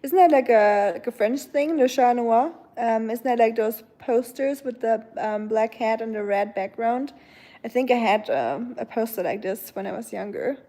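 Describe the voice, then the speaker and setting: Mellow woman chatting casually. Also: a little high, moderate pace. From Germany. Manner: rambling, many filler likes. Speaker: live streamer. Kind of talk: casual chat.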